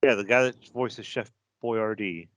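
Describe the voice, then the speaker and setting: A man speaks at a fairly low pitch, steady in tone and a little slow. He's a podcast co-host in casual conversation, debating films with the enthusiasm of an argumentative fan.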